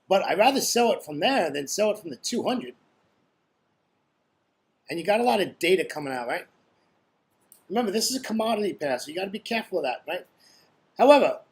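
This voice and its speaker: Blunt and full of jokes, a male forex trading tutor with a high-pitched voice talks loosely through casual screen-share trading commentary. He chats constantly and keeps tacking on "right?"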